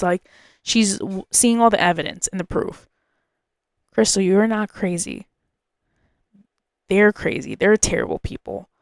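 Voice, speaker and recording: A woman's voice: mid-range voice, smooth, dry recording, studio quality. A woman hosting a podcast, telling a personal story in an emotional, confiding way and often repeating herself. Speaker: podcast host.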